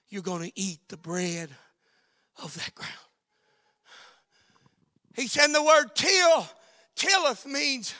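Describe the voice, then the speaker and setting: A male preacher with a very high, gravelly voice and a bright, forceful edge. He preaches in surges, shouting one moment and dropping to a hushed near-whisper the next. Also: in a large hall. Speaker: pastor. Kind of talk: sermon.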